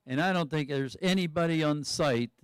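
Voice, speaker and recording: Male play-by-play commentator, slightly high, chatty and speculative, dry close sound. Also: moderate pace, smooth, no echo. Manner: chatty, thinking aloud about the skiers. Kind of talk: live sports commentary.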